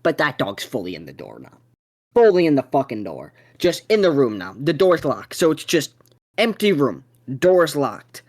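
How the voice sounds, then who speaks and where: A young adult podcast co-host telling a story in casual chat, swearing constantly and rambling with sudden excited bursts. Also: medium pitch, normal speed.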